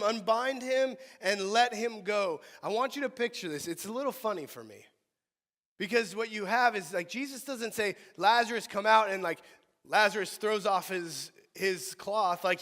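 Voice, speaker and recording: Brief: male pastor, high voice, animated sermon, echoing sanctuary. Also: moderate pace. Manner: animated preaching, swinging from soft to loud. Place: church sanctuary.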